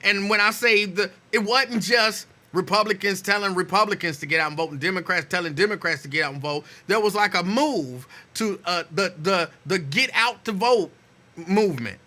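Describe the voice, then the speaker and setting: A man's voice: high-pitched, moderate pace, pushed and bright. A man hosting a talk show, speaking conversationally and with emphasis. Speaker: radio show host. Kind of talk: casual talk radio.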